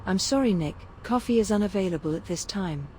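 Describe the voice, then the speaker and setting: Woman playing a polite spaceship computer, mellow tone, flat and apologetic, slight hiss. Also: medium pitch, fairly quick, natural voice. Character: calm polite female ship computer.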